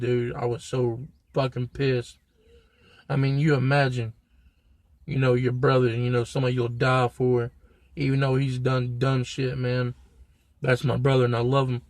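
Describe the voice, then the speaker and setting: A man's voice: mid-range voice, dry recording. A young man telling a story to his viewers in a blunt, profane, slang-heavy way. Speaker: vlogger. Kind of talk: casual storytelling to camera.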